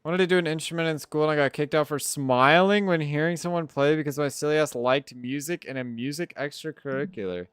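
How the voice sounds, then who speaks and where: A male live streamer chats casually with his viewers in a slightly high, brisk voice that's smooth and barely pauses. He swears freely, stays animated, and keeps drifting off topic, all captured in a dry, clean studio recording.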